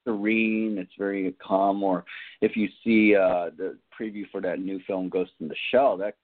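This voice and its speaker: Guest, male actor, lowish voice, hesitant and halting, over a tinny phone line. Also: fairly even intonation. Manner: hesitant, lots of ums and restarts. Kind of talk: casual phone interview.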